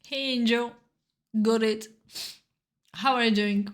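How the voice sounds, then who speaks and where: Emotional Bulgarian-accented woman, slightly high voice. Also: fairly even intonation, slow. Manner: earnest and encouraging, with broken non-native phrasing. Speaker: chess streamer. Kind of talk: live stream chat while playing online blitz.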